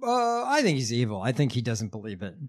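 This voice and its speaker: A man hosting a podcast, talking casually and profanely about politics, halting with many fillers and restarts. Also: medium pitch, huge pitch swings. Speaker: podcast host.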